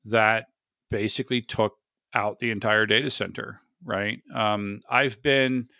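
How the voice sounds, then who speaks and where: A man's voice: lowish voice, fairly even intonation, a little slow, vocal fry, pushed and bright, dry recording, clean studio sound. An American man hosting a casual tech chat, rambling, joking at himself and repeating words as he goes. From United States. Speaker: podcast host.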